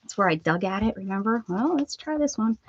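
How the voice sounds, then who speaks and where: A woman's voice: expressive, brisk, muffled recording, a little hiss or hum. A woman hosting a casual craft livestream, chatting to viewers and cooing at her dog as she works. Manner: chatty, coos at her dog in a high baby-talk voice.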